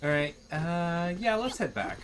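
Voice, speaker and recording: Lively man giving wry game commentary. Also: on the high side, a little slow, a little hiss or hum. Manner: wry, casual swearing, explains mechanics. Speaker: streamer. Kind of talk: casual gameplay commentary.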